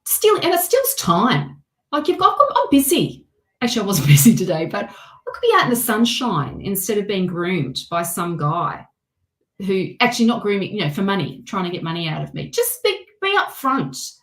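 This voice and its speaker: A woman chats candidly as she gives a tarot reading, speaking at an ordinary middle pitch. She swears freely and laughs often. Her voice rings in a noticeably echoey room. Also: big pitch swings, fairly quick. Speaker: tarot reader. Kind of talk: casual livestream tarot reading.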